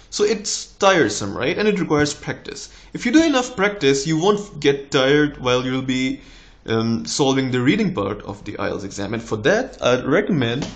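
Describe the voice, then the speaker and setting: A young man in his twenties with a slight American tinge, a doctor giving relaxed, encouraging exam tips in a casual vlog. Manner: relaxed, encouraging, with lively rises in pitch.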